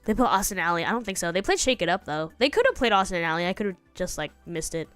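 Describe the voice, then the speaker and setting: A woman's voice: on the low side, expressive, fast, fairly bright tone, smooth, no echo, soft background music. A congested young woman streamer chatting casually and rambling, now and then singing bits of songs. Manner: rambling, sings snatches of songs. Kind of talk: casual chat.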